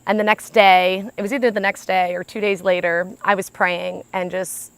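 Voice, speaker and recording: American woman, storytelling talk to parents, animated and chatty, dry close sound. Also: mid-range voice, normal speed, smooth, no room sound. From United States. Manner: animated, chatty, often says "like". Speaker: speaker.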